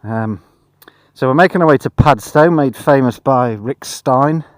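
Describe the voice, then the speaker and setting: A worn-out man records a travel vlog outdoors while bikepacking. He speaks in a dry, self-mocking monotone at a middling pitch. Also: a little slow, no echo. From Britain. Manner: dry, self-deprecating, low-energy monotone. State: tired. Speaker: vlogger. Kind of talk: casual travel vlog to camera. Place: outdoors on a cycling trip.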